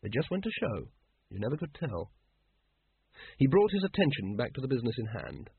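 A man narrating an audiobook with dry, measured storytelling and a very husky voice. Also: mid-range voice, wildly swooping pitch, dry recording. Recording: dry, phone-like narrow sound.

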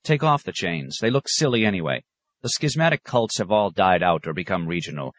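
A man's voice: low voice, very animated, a little fast, fairly bright tone, dry recording, exaggerated voice. A man voicing an eager, practical male monk inventor who argues hastily.

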